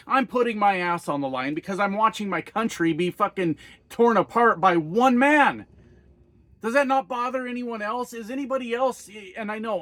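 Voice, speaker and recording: Man, trucker, angry profane political rant, high voice, dry close sound. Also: bright, forceful tone, no echo. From United States. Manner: heated, profane, rhetorical questions. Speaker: trucker vlogger.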